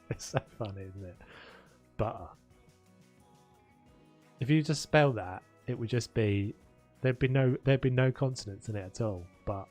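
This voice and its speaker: A man's voice: mid-range voice, moderate pace, a little mellow. A young man with a South London accent chatting casually on a live game stream, laughing often and trailing off mid-thought. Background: faint background music.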